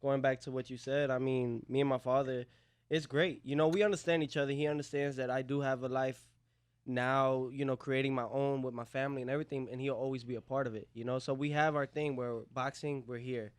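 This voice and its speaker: A man's voice: medium pitch, fairly even intonation, brisk, smooth, no room sound. A young man, a professional boxer, answering interview questions earnestly with lots of "you know". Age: young adult.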